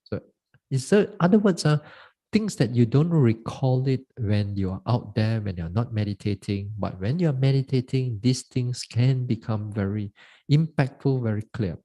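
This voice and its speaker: Monk, warm mellow tone, unhurried halting dharma talk with fillers. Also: male voice, medium pitch, lively intonation. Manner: halting, repeats words, many "uh" fillers. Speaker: Buddhist monk teaching meditation.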